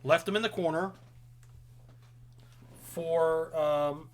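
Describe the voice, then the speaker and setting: A man's voice: on the high side, slow. A young man hosting a casual wrestling recap, opinionated and rambling with frequent ums. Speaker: podcast host.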